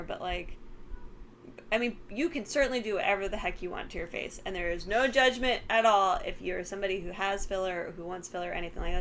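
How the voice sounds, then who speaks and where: A woman's voice: fairly low pitch, a bit bright, a little hiss or hum. Chatty woman recapping a horror film. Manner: chatty, filler-heavy, giggly retelling. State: sleepy, yawning. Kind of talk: casual chat.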